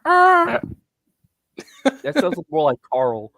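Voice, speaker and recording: A young man talks through a film with a friend, joking, swearing and laughing as he acts out quotes. His voice sits a little high and swings widely in pitch. The recording is dry and close. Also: lively intonation, moderate pace, no room sound. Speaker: podcast co-host. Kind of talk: casual film review chat.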